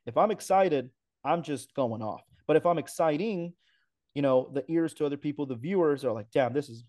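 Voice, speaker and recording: A man's voice: a little high, darkish tone. A man, a racing announcer, talking enthusiastically and emphatically in a casual podcast interview, with playful asides.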